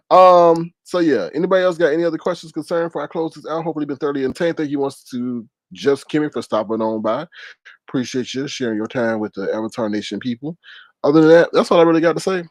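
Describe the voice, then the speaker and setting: A man hosting a casual live-stream commentary, animated and laughing, with exaggerated high-pitched repeats of words. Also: fast talker, no room sound. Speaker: commentary channel host.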